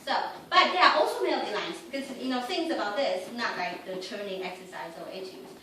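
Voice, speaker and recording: A woman's voice: mid-range voice, expressive, fairly quick, noisy background. A woman teaching a piano lesson, coaching a student and singing out rhythms on syllables between short instructions. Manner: sings rhythms and counts aloud with syllables; encouraging, gives short commands while the student plays. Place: room with a piano. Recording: echoey room from far off with piano.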